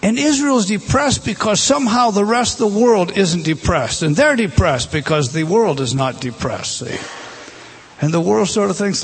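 Man, middle-aged, preacher, sermon, conversational, rhetorical questions, slightly raised pitch, breathy. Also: a little slow, long pauses. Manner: conversational, rhetorical questions, animated scripture reading. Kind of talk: sermon, Bible teaching.

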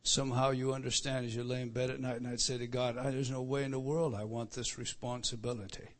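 A middle-aged man preaching a sermon as pastor, emphatic, rising loud to stress scripture and dropping low and quiet. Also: little pitch movement, fast talker.

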